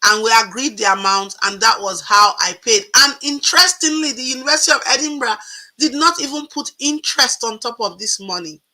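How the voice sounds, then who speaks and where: A woman in her forties tells her own story with a bright, forceful voice sitting a little high. She talks casually and acts out the people she quotes with animation. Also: lively intonation, fairly quick, poor audio. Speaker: guest telling her story.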